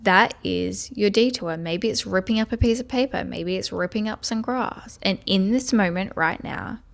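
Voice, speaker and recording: A woman's voice: mid-range voice, normal speed, vocal fry. A woman giving a self-help video lesson, earnestly guiding the listener step by step and speaking affirmations aloud. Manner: speaks tapping affirmations aloud in first person.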